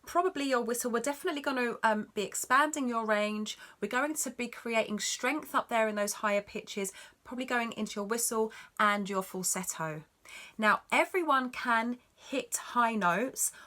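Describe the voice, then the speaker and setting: Bright-voiced woman teaching singing. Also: a little high, moderate pace. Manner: encouraging, instructive, demonstrates notes. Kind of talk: vocal lesson talk.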